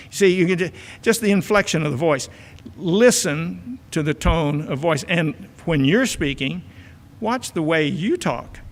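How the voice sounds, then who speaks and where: An older man, a church elder giving a folksy family-life talk full of filler words. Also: fairly high pitch. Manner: folksy, many filler uhs and repeated words. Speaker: church elder and marriage counselor. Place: church auditorium. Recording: church hall reverb.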